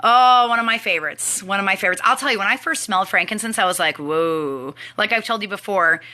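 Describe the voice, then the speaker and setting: Chatty bright-voiced woman hosting a live stream. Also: mid-range voice, fast talker. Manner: chatty and animated, talks to viewers. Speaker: network marketing trainer hosting a live team training. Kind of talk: casual live-stream chat.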